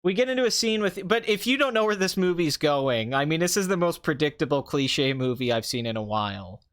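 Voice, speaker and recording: Sarcastic ranting man, slightly high voice. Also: a little fast. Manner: sarcastic, ranting, animated with mocking asides. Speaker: movie review podcast host. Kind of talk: casual ranting commentary.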